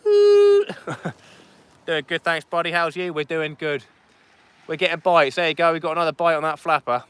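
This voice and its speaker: A man's voice: a little high, steady tone, a little fast, bright, forceful tone, clear, resonant tone, no room sound. A man chatting casually on a fishing livestream outdoors on a beach at night, reading out viewer comments as he goes.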